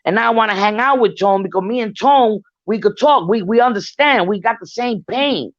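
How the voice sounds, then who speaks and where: In a slightly high voice and at a slightly quick pace, an older New York woman swaps frank, profanity-laced stories as a guest in a casual discussion. The muffled lo-fi recording is dry, with no room sound.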